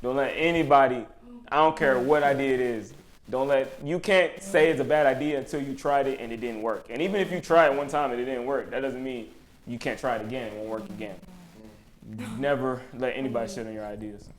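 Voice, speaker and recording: A man's voice: mid-range voice, a little fast, slight background noise. A man co-hosting a podcast in casual chat, giggling often and trailing off mid-sentence. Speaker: podcast co-host.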